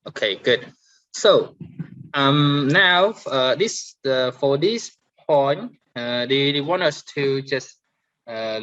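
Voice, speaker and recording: Slow, hesitant Cambodian-accented male teacher. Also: medium pitch, lo-fi sound. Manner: hesitant, many fillers, stresses sample words loudly. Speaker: English teacher. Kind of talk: online grammar and pronunciation lesson.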